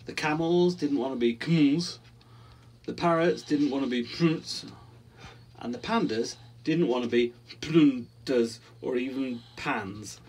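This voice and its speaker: A man's voice: mid-range voice, darkish tone, breathy edge. A man reading a picture book aloud, chatty and self-mocking, with casual asides. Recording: distant mic with faint background noise.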